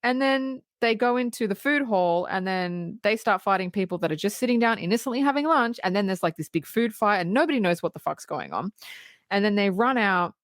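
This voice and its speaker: Animated swearing woman podcast host. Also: mid-range voice, fairly quick, dry recording, studio quality. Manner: animated retelling, swears, laughs often. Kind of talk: casual film review chat.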